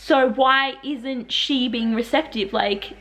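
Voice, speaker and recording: A young woman in a casual reaction vlog, excitable and gushing about what she is watching, laughing often. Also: high-pitched, takes it slowly. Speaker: book vlogger.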